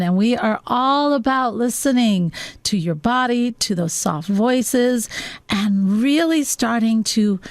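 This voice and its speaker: A woman hosting a radio talk show, speaking softly and earnestly and laughing along with her guest. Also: mid-range voice, gravelly, no echo. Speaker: host.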